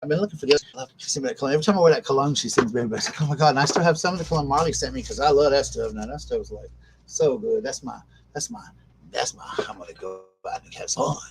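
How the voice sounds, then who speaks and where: A man's voice: mid-range voice, animated, rapid-fire, noisy background. Rambling chatty man on a live stream. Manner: rambling, chatty, self-interrupting. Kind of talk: casual live-stream chat.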